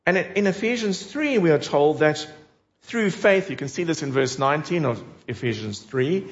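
A man's voice: fairly high pitch, expressive, normal speed. A man preaching a sermon in an earnest, emphatic way, putting direct questions to his listeners. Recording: dull lo-fi recording.

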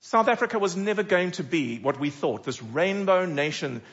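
A middle-aged man preaching a sermon as a pastor, animated and full of dramatic rhetorical questions. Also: high-pitched, moderate pace, muffled recording.

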